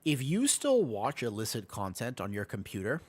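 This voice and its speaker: A man's voice: mid-range voice, wildly swooping pitch, normal speed, darkish tone, husky. A young man chatting casually while streaming a game, answering chat, hopping between topics and laughing often. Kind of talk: casual live-stream commentary while gaming.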